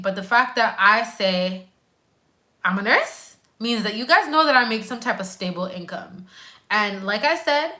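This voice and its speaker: A woman from Quebec hosts a casual live chat and answers her viewers' comments. Her voice is bright and a little high. She talks in a hyped, slangy way and repeats words for emphasis. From Quebec, Canada. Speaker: nurse and YouTuber hosting a live chat.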